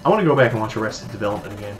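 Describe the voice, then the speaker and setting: Fast-talking sarcastic male streamer. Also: fairly low pitch, animated, over music. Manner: dry, sarcastic quips. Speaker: streamer host playing a retro game. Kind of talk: casual chat while gaming.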